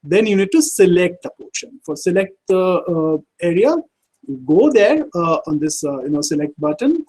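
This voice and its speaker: A man giving an online software tutorial, speaking haltingly with frequent fillers. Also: high voice, lively intonation, slightly rough, rough recording. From India. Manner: halting, many fillers like "uh" and "you know". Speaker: workshop instructor.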